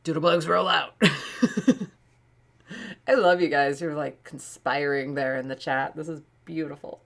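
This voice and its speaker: Chatty woman in her late thirties, lower voice. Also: fairly even intonation, a little slow, gravelly. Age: late 30s. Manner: chatty and rambling, laughs often. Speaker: art streamer. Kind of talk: casual live-stream chat while painting.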